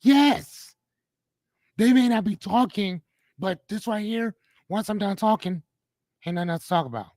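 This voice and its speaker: A middle-aged podcast host with a slightly higher, a little mellow voice runs a live motivational show at normal speed. He lectures listeners bluntly and preachily, swears casually, addresses them directly and keeps asking them to respond. The sound is close and dry, with no room around it and no echo.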